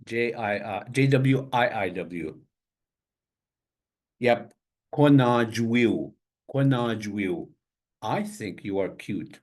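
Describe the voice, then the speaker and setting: An older man teaching a language class over a video call, saying each word slowly several times and spelling it out letter by letter. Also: fairly low pitch, lively intonation. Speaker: language instructor. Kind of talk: online language lesson.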